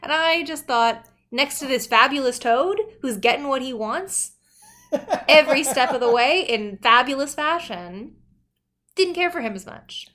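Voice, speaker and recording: A woman's voice: high voice, unhurried. Chatty, laughing woman podcast host. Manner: animated, laughs often. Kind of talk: casual chat.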